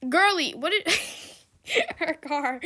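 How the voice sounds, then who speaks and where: A woman's voice: sits high, animated, takes it slowly, sharp tone. A young woman giving casual, exclamatory commentary while playing a game, often frustrated and laughing. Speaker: gamer.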